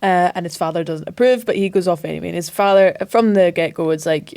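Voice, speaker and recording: A woman's voice: lowish voice, fast, hardly any pauses, darkish tone, no room sound. Woman on a podcast, casual film chat, lots of ums, swears a bit. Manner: sweary, recaps the plot with many fillers. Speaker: podcast co-host.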